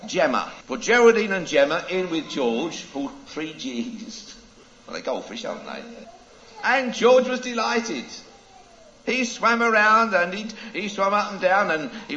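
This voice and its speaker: A preacher tells a children's story with a moral, dramatic and drawn out. His pitch swings widely. The recording is a little dull, with faint hum behind him. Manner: animated, dramatic, drawn-out phrases.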